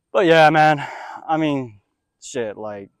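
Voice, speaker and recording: A young man rambles on about faith and manifesting, cursing often and swinging between loud, excited bursts and low mutters. His voice sits at an ordinary pitch. The sound is dry and close. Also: clean tone, no room sound. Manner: profane, excitable, drifts between loud rants and mumbles. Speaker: spiritual vlogger. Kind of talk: casual rambling monologue. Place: outdoors.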